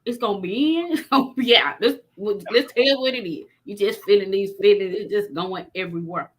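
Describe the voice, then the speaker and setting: A middle-aged woman host talking faith in a husky, breathy voice. She speaks frankly and plainly and preaches as she goes, at a middle pitch. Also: moderate pace. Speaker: podcast host. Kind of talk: faith-based conversation.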